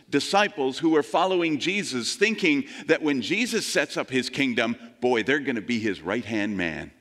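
A man preaching a sermon, telling the story with animated quoted voices. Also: medium pitch, in a large hall. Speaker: pastor.

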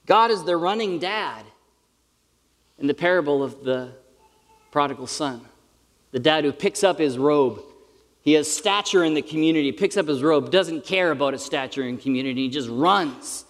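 A middle-aged man preaching a sermon to a live audience, in a conversational, earnest and self-deprecating way. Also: medium pitch. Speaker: pastor. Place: large hall with live audience. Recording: reverberant hall.

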